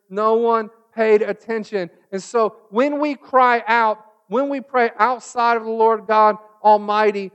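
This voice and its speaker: A man preaching a sermon, retelling scripture stories, rising loud in the retellings and sinking low and quiet at the close. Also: clean tone, lo-fi sound. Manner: builds to loud mocking retellings, then drops to a hushed close.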